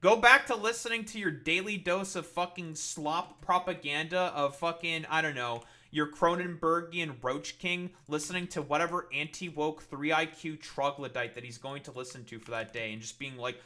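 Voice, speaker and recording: A man streams live and rants at his chat in a bright, forceful voice that sits a little high. He is combative and swears constantly, switching into sarcastic mockery between his attacks. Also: lively intonation, moderate pace. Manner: heated, profane, combative; sarcastic, mocking.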